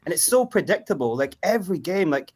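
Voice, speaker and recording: A man talking as a fan guest on a video call, casual and energetic, laughing often. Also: high-pitched, a little fast. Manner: laughing, energetic, breaks into loud chant-singing. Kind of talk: casual chat.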